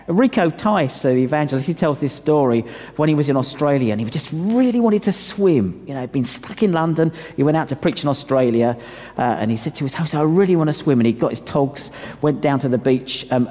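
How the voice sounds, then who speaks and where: A male pastor delivering a sermon in a church hall, emphatic and animated, with asides to the congregation. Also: on the high side.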